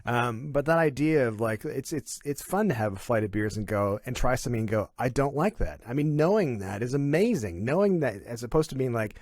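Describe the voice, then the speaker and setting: Animated middle-aged man telling a story. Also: medium pitch, fairly quick, few pauses. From Canada. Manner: animated storyteller, self-deprecating jokes. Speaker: guest. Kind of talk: casual podcast chat.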